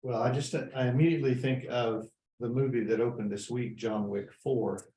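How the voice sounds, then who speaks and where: A man's voice: mid-range voice, steady tone, moderate pace, dark tone, roomy sound, low-quality recording. A man in a church class discussion, talking with stammering restarts. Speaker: class member.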